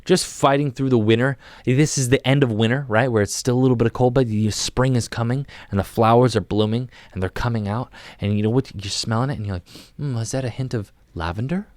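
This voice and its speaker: A young man on a podcast, talking a listener through a comic mock guided meditation in a soft, drawn-out, playful way, often restarting his sentences. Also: medium pitch, steady tone, dry recording. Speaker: podcast guest.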